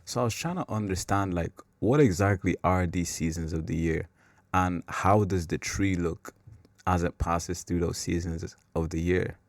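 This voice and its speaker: A man's voice: deep voice, moderate pace, dry recording. A man hosting a faith podcast, talking in a loose, rambling way that is full of "like" and pokes fun at himself. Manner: rambling and self-mocking, with filler "like". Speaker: podcast host. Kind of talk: casual faith talk.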